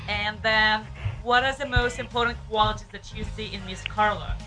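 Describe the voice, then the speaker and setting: A woman's voice: medium pitch, steady tone, normal speed, over music. A woman with an Eastern European accent hosting a radio show, chatting with a caller, laughing often and coaxing him to talk. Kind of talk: casual radio chat with a caller. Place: radio studio.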